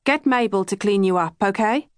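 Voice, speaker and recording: A woman's voice: medium pitch, normal speed, no echo, studio quality, lightly acted. A woman voicing an impatient, image-conscious mother, speaking in a clipped, scolding way.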